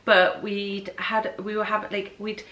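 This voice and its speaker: A Geordie woman in her thirties, co-hosting a casual chat and telling an animated story with a lot of swearing. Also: medium pitch, unhurried. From North East England. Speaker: co-host. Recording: echoey room.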